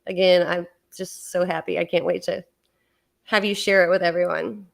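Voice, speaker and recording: A woman hosting a live-stream talk, chatty and excited, with many fillers. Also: lowish voice, normal speed, creaky. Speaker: host. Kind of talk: casual live-stream chat.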